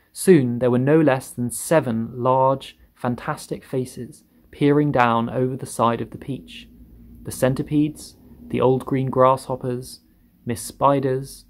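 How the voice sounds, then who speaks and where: A man narrating a children's story aloud, expressive and lingering on words for effect. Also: mid-range voice. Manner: lively, expressive read with drawn-out emphasis.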